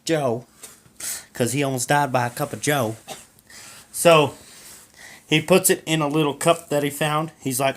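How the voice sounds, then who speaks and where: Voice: medium pitch, moderate pace, long pauses. A casual, playful speaker taking a turn in an improvised comic story.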